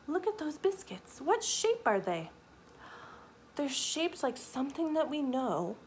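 A children's librarian reading a picture book aloud, animated, with gasps, whispered asides, questions to the children and Spanish words. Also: female voice, high voice, slow pace, a little hiss or hum. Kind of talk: storytime read-aloud for kids.

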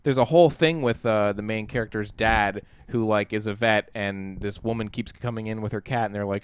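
A man talks in a loose, rambling way, stacking "like" and restarting his sentences as he retells something he found absurd. His voice is smooth and clean, and it sits dry and close with no room around it. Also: fairly low pitch, a little fast, few pauses, no echo. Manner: rambling, heavy use of "like" and restarts; animated, incredulous retelling. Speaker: podcast co-host reviewing a film. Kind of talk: casual chat.

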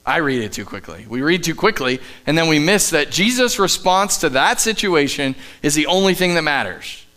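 During a live service in a church sanctuary, a pastor preaches his sermon in a smooth voice slightly higher than most men's. He speaks expressively at a moderate pace, pressing points with emphasis before slipping into soft, quiet asides. A faint electrical hum runs beneath the recording.

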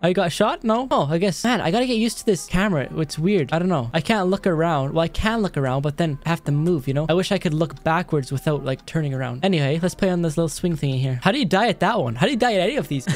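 A man doing let's play game commentary, excitable, swinging from panicked yelling to mumbling to himself. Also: on the high side. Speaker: gaming video creator.

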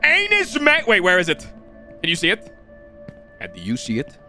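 A young man streaming a game live, talking to his chat in an excitable, profane, rambling way. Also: on the high side, normal speed, soft background music. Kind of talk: casual live-stream commentary.

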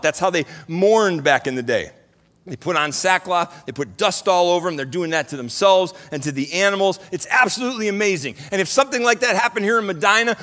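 A man teaching Sunday school gives a lively Bible lesson, shifting from hushed scripture reading to excited, shouted exclamations. His voice sits high, and the church hall adds a long reverb.

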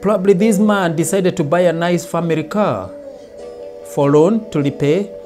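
A man in a storytelling motivational monologue, his voice sitting a little high for a man. He slips into short acted-out lines as he goes. Clear background music plays under his talk. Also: normal speed. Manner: storytelling, briefly acting out everyday lines. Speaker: self-help speaker.

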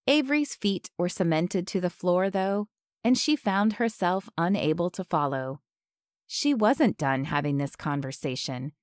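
A woman reads an audiobook as scripted narration, keeping her delivery measured and even. Her voice falls in the mid-range, and the studio-quality recording has no room sound.

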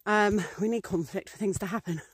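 Her voice is husky, medium-pitched and steady, moving fairly quickly with no room sound at all. This English priestess-vlogger rambles in casual talk to camera, dropping many ums and voicing little acted scenes.

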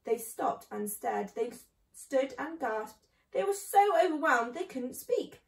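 A woman reading a children's book aloud in a clear, steady storytelling manner. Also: sits high, a little slow, far from the mic. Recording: echoey room.

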